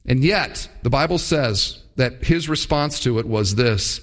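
A man's voice: mid-range voice, lively intonation, measured pace, hardly any pauses, a bit bright. A man preaching a sermon as a church pastor, with a conversational style, asking the congregation rhetorical questions and building to emphatic points. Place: church service.

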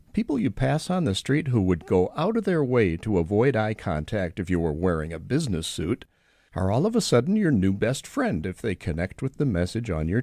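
A man's voice: lowish voice, no room sound. A retired man in his sixties, hosting a short scripted radio segment, telling wry everyday stories. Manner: wry storytelling with lively intonation.

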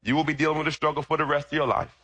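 A middle-aged male pastor delivers a sermon and keeps throwing questions out for the congregation to answer. His voice is bright and forward with a husky grain. It sits a little above the usual male pitch. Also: level tone, rapid-fire, lo-fi sound. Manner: call-and-response questions to the congregation.

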